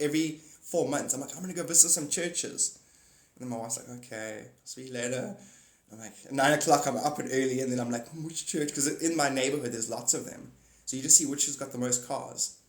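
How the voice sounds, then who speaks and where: A man hosting a livestream, rambling casually about spirituality and laughing often. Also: medium pitch. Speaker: livestream host. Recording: echoey room.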